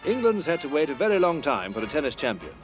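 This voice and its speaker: A brisk, old-fashioned newsreel announcer, clipped and upbeat, with a lively sing-song lilt. Music plays clearly beneath the narration. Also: male voice, on the high side.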